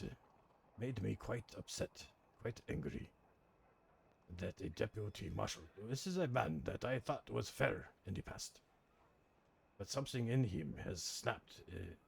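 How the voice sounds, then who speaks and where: A man's voice: fairly low pitch, full character voice. A man playing a defiant foreign-born outlaw who tells his story in broken English and swears bluntly. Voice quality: gravelly and husky. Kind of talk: roleplay in a western game.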